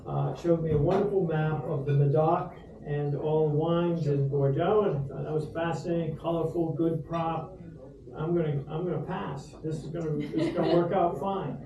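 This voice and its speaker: A middle-aged man from Rhode Island giving a humorous, rambling toast to dinner guests in a restaurant, with lots of ums. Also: on the high side. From Rhode Island, USA. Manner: humorous anecdotal storyteller, many fillers. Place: restaurant dining room. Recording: roomy echo from far off, background noise.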